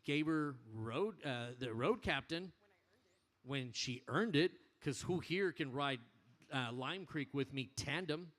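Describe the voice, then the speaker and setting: A man addressing his motorcycle club in a bar, telling an animated, profane story in casual speech. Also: a little high, slow pace.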